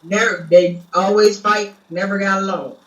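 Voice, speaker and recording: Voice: mid-range voice, fairly even intonation, normal speed. A guest reminiscing and telling stories in a casual chat. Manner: reminiscing storyteller. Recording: echoey room, far from mic.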